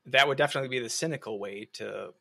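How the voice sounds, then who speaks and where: A man's voice: mid-range voice, quick pace, vocal fry, bright, forceful tone. A man co-hosting a sports podcast, talking through recruiting in a casual, analytical way with frequent restarts. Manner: analytical, hedging with many restarts. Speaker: podcast co-host.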